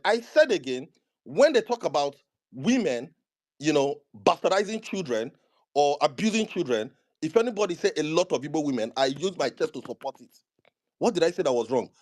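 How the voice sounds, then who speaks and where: A man with a Nigerian accent defending his words in a heated online debate. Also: high voice. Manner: defensive, insists he is right. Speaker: debate participant. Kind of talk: heated argument.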